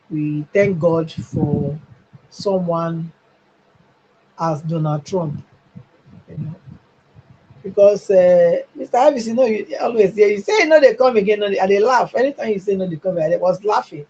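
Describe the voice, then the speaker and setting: Husky Nigerian woman, impassioned. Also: on the low side, a little slow, long pauses, muffled recording. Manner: emphatic, rising to near-shouting, with laughs. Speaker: panelist on a live stream. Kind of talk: impassioned call-in commentary.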